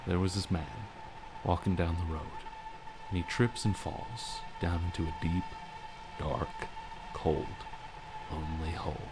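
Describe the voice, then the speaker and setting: Man playing a gruff steady friend, low voice, storytelling. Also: measured pace, very noisy. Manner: firm then gently storytelling.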